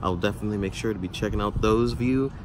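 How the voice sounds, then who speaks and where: A young YouTuber vlogs outdoors with traffic noise around him, talking casually in a rambling, filler-heavy way. His voice is on the low side and his delivery is rapid-fire.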